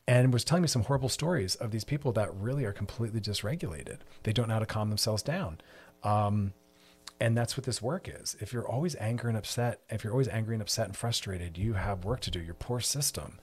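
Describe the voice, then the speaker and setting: A man's voice: fairly low pitch, expressive, quick pace, a little mellow, breathy edge. A man hosting a mental health podcast, talking passionately and preachily, with emphatic repetition. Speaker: podcast host.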